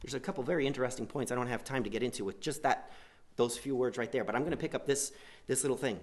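A man preaching a sermon, swinging between loud emphatic lines and quiet asides, and acting out quoted prayers. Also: medium pitch, quick pace. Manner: acts out quoted prayers in a pleading voice.

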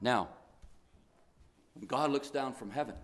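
An older man preaching a sermon in an earnest, fervent way, slowing to stress key phrases. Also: medium pitch, a bit bright.

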